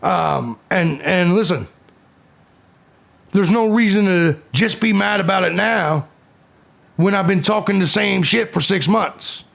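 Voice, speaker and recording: A man's voice: high voice, takes it slowly, gravelly, long pauses, fairly bright tone. A man in his forties hosting a live stream, reading viewers' comments aloud and firing back at trolls in a combative, profane way. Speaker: livestream host.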